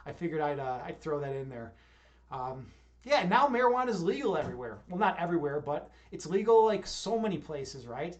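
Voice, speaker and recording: A man's voice: on the high side, expressive, normal speed, darkish tone. A young man from Chicago with a Chicago accent, chatting casually on a livestream and rambling with lots of restarts. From Chicago, USA. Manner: rambling, many restarts and fillers. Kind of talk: casual stream chat.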